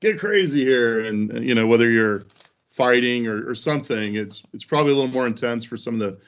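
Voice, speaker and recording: A man's voice: mid-range voice, fairly even intonation, fast. A man hosting an interview, asking hesitant, friendly questions and affirming often. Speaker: interview host. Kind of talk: casual interview conversation.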